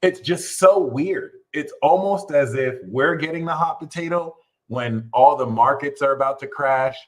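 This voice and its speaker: A man hosting an astrology show, ranting casually and animatedly, swearing and jumping into high mocking voices when quoting others. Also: measured pace, rough recording. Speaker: astrology channel host. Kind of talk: casual livestream rant.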